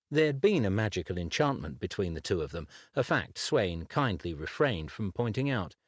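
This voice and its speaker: A man reading a dark fantasy audiobook in measured, scripted narration. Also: fairly low pitch, very animated, no room sound, clean studio sound. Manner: measured, unhurried storytelling.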